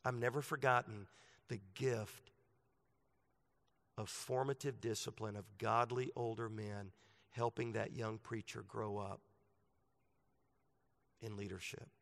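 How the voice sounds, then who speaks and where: A man's voice: lowish voice, fairly even intonation, slow, creaky, pauses often, fairly bright tone. A man who is a pastor, preaching a sermon in a conversational way that turns emphatic at points. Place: church sanctuary. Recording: long reverb of a large hall.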